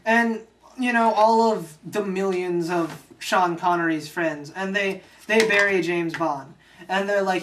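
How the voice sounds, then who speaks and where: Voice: medium pitch, a little slow, a bit bright. A young adult channel host casually recapping a movie, rambling and swearing often. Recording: distant mic with faint hiss.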